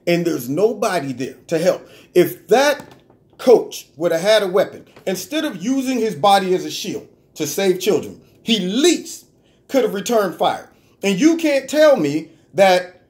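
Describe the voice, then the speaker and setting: A man delivering an animated, argumentative political commentary monologue, full of rhetorical questions. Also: high-pitched. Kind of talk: opinion vlog monologue.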